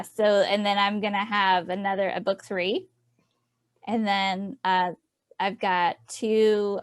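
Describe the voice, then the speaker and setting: A woman's voice: medium pitch, smooth. A woman from Tennessee with a Southern accent, an author guest chatting casually and laughing between rambling answers. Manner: laughing, rambling, self-deprecating. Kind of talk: casual interview chat.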